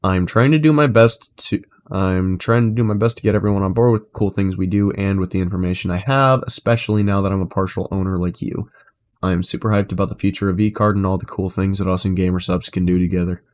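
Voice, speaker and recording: A young man chatting casually on a live stream, rambling and swearing, his delivery swinging between flat and animated. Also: sits low, fast talker.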